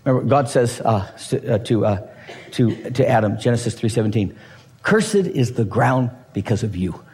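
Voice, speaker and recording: A man's voice: mid-range voice, normal speed. A middle-aged male pastor preaching a sermon and teaching his congregation, often checking in with them. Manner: animated preaching with repeated rhetorical checks.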